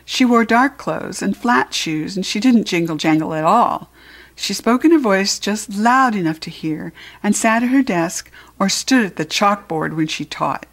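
Woman narrator, children's audiobook; expressive, playful, mid-pitched. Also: measured pace. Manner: expressive, playful first-person storytelling.

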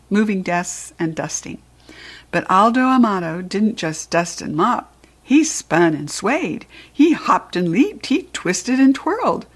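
A woman's voice: on the low side, slightly rough. Woman reading a children's storybook. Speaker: narrator. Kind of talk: storybook read-aloud.

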